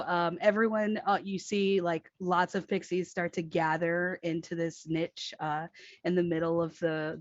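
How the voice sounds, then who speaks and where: Woman game master, slow delivery, lowish voice, dry muffled stream audio. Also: no echo. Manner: unhurried, filler-laden storytelling. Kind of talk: narrating a tabletop game.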